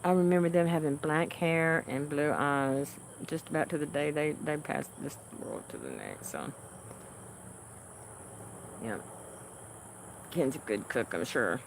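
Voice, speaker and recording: Slow-talking, homey woman chatting with viewers. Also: low-pitched, big pitch swings, background noise. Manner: unhurried and homey, answering chat comments with frequent soft laughs. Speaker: livestream host. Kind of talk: casual chat with viewers.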